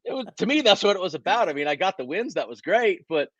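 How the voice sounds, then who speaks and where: In a casual interview, a male racing driver tells stories animatedly, often restarting and correcting himself. His voice is high-pitched and quick, with no echo and the high frequencies cut off.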